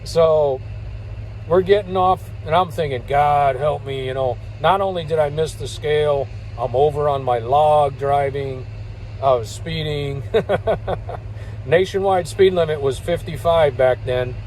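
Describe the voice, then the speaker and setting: The older man, a truck driver, rambles through folksy anecdotes with chuckles in between. His slightly high, a little mellow voice keeps a measured pace, and the rough recording has slight background noise.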